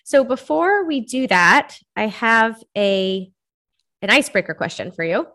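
A woman's voice: on the high side, very animated, bright, forceful tone. A woman hosting a podcast, chatting in a bubbly, talkative way with a guest. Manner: bubbly, chatty, quick laughs. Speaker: podcast host. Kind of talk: casual interview chat.

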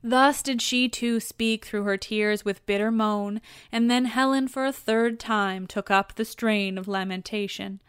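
A woman reading an epic story aloud as a narrator, in a steady, measured way. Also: fairly high pitch, clean tone, dry recording, clean studio sound. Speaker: audiobook narrator.

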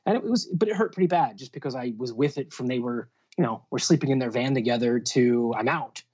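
A man's voice: medium pitch, brisk, a little mellow, husky. A man telling stories from his music industry career in a casual interview, rambling with many fillers and restarts. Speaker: music booking agent guest. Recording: dull lo-fi sound.

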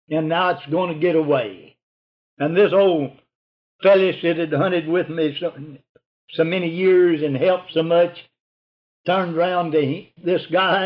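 An older man, telling a hunting story in a rambling, folksy oral-history style. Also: fairly high pitch. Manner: folksy, rambling, drops to a hushed voice for whispered lines. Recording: dull lo-fi recording.

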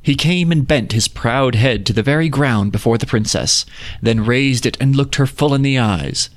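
A man reading an old fairy tale aloud in a measured, lyrical storybook manner. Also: mid-range voice. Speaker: narrator.

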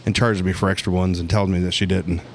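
A man co-hosting a podcast in casual chat, laid-back and joking, with quick agreeing replies. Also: deep voice, level tone, creaky, noisy background. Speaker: podcast co-host.

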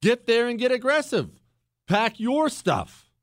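A man's voice: extremely high pitch, sing-song, measured pace, no echo, studio quality. A man hosting a talk radio show, speaking in a fiery, emphatic way and repeating lines for punch as he answers listener mail.

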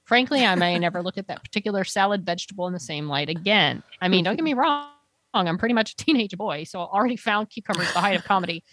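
A woman's voice: medium pitch, animated, quick pace, fairly bright tone, no echo. Woman cohost on a chatty podcast, playful, reads messages with lots of emphasis. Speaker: podcast co-host. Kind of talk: casual chat.

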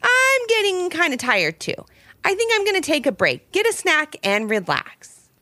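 A squeaky, excitable little girl, stubborn and a bit whiny, voiced by a woman reading a storybook. The voice sits far above a normal speaking pitch and leaps up and down a lot. The sound is close and dry, with faint music. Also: moderate pace, no room sound, full character voice. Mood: excited.

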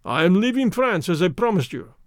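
A man's voice: high-pitched, big pitch swings, unhurried, no echo, clean studio sound. A man reading the part of a surly, scheming Russian villain in disguise, with a clipped manner. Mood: guarded.

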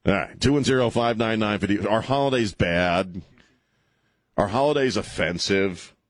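A middle-aged man hosting a talk radio show, ranting sarcastically and slipping into mocking high voices. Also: moderate pace, no room sound.

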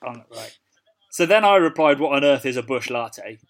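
A man's voice: medium pitch, animated, moderate pace. A man with a British accent, co-hosting a casual podcast and telling stories with a laugh. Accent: British English. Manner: laughs while telling stories, reads out comments. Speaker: podcast co-host. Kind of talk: casual chat.

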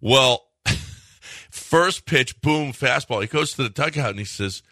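A man hosting sports talk radio, telling stories with lively acted-out quotes. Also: medium pitch, slow pace, no echo. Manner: animated storyteller, acts out quotes loudly.

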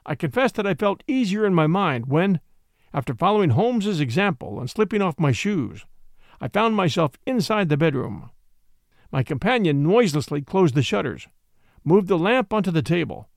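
A man's voice: a little high, big pitch swings, moderate pace, dry recording, studio quality. Man reading a classic mystery aloud. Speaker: narrator. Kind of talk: audiobook reading of a classic detective story.

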